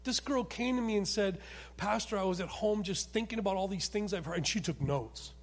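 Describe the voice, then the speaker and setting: Man, pastor, sermon, high pitch, emphatic storytelling, echoing church hall. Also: a little fast. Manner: storytelling, emphatic with sudden soft drops. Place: church sanctuary. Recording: long hall reverb.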